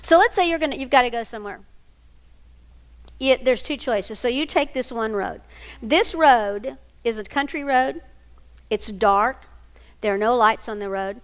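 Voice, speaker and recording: Woman speaker, middle-aged, higher voice, lively storyteller in a big reverberant hall. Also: normal speed, pauses often, smooth. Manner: animated storyteller, acts out quoted voices. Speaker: speaker on single parenting. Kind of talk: storytelling talk to an audience.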